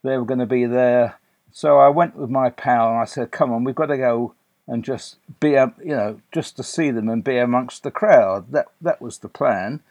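A man's voice: medium pitch, normal speed, darkish tone, no room sound. An older man from England recounting a story in a chatty, anecdotal way, with fillers and restarts. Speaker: guest. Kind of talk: conversational storytelling.

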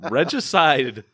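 Male podcast co-host, sarcastic, laughs a lot, animated delivery, dry close sound. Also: fairly high pitch, husky, no echo. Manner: sarcastic, laughs often, trails off quietly. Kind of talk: casual film-review chat.

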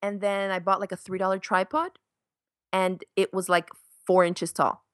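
A chatty woman in her thirties tells stories as a podcast guest, slipping into quoted voices with a laugh. Her voice sits at a middle pitch and sounds close and dry. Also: little pitch movement, normal speed, clear, resonant tone, no echo. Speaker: podcast guest, sewing YouTuber. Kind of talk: casual interview chat.

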